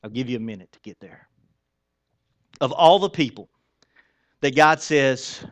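A male pastor preaching a sermon, conversational, asking the congregation rhetorical questions and swinging between soft and loud for emphasis. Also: medium pitch, animated, moderate pace.

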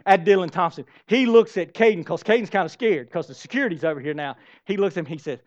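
A man's voice: high-pitched, animated, fast, few pauses. A man preaching a sermon, emphatic and storytelling, repeating phrases for effect. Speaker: pastor. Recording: dull lo-fi sermon recording.

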